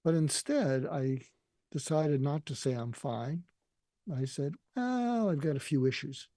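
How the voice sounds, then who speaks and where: An older man telling a deeply personal story in an earnest, emotional way, often quoting what others said to him. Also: steady tone, unhurried, mellow, no echo, studio quality. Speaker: guest.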